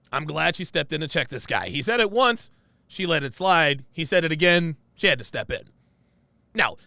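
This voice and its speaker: A man's voice: on the high side, creaky, pushed and bright, no echo. A man hosting reaction commentary who talks emphatically and keeps checking in with "right?" and "okay?". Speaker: commentary host.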